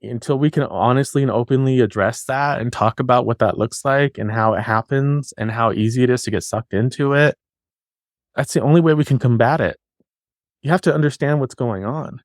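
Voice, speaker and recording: A man's voice: medium pitch, a little fast, no echo, studio quality. A man guest on a podcast, talking earnestly and with passion, repeating his phrases for emphasis. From New Mexico. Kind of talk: earnest interview talk.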